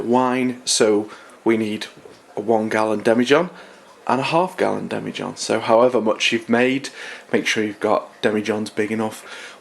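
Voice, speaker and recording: A man's voice: medium pitch, vocal fry. A man with a nasal voice from a cold, chatting casually through a home winemaking how-to, with lots of ums and small restarts. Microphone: handheld camera, no tripod.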